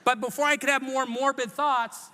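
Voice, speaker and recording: A man from Hawaii giving a humorous commencement speech in a large church hall, telling a story in an animated, self-mocking way and voicing his own thoughts. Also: extremely high pitch, normal speed. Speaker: commencement speaker. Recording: echoey recording in a large hall.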